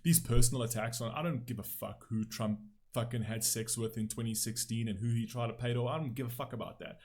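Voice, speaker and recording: A man's voice: medium pitch, brisk, darkish tone. Blunt, opinionated male reaction host. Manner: emphatic, blunt, swears freely, frequent "right?" tags.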